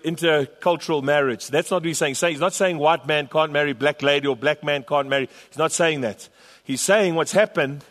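A man's voice: on the high side, a bit bright. A man pastor preaching a sermon to his church, emphatic and repetitive. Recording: long hall reverb.

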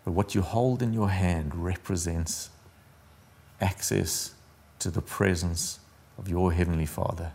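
Male pastor, very low voice, earnest sermon, soft intimate delivery. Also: fairly even intonation, measured pace, husky. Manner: earnest, intimate preaching, dropping to a near-whisper.

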